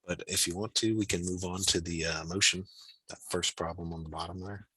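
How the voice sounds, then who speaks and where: A man's voice: low-pitched, steady tone, brisk, sharp tone, husky, dry recording, rough recording. A man tutoring physics over a video call, talking through his reasoning aloud in a casual, encouraging way. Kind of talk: online tutoring session.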